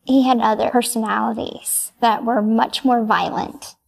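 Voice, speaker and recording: Soft-spoken hesitant young woman, gravelly. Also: on the high side, steady tone, a little slow. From United States. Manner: soft, hesitant, brief answers with many ums. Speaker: interviewee. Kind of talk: answering interview questions.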